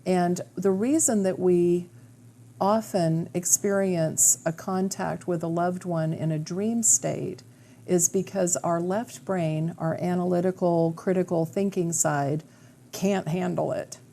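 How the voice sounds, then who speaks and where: A woman hosting a radio interview as a medium, explaining in a calm, assured way. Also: lowish voice, takes it slowly, a little hiss or hum. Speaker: radio show host, medium. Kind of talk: interview conversation.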